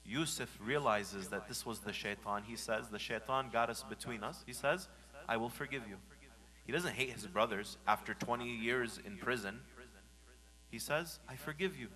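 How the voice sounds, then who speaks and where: A man preaching a Friday sermon in a mosque. He moves from hushed, gentle lines to loud, acted-out scolding. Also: medium pitch, normal speed, poor audio. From United States. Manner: animated, swings from hushed to shouting when acting out scolding.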